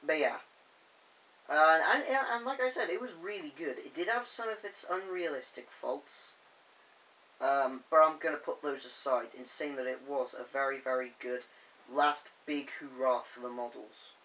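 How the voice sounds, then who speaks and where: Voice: medium pitch, moderate pace, sharp tone, poor audio. A fan vlogger rambling enthusiastically through a review, with lots of fillers, filmed on a camera on a tripod. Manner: enthusiastic, chatty, with many fillers.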